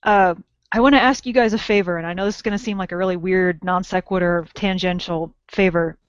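Woman podcast host from Southern California, chatty, long drawn-out vowels, dry close sound. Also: on the low side, fairly even intonation, dry recording. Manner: chatty, laughs often, elongated vowels. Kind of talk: casual podcast chat. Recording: dull lo-fi dry audio.

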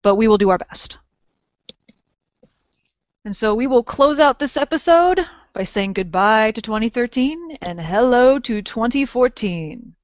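A woman's voice: a little high, expressive, a little slow, no room sound. A woman from Southern California co-hosting a podcast in casual chat, laughing often and drawing out her vowels. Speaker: podcast co-host. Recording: dull lo-fi dry audio.

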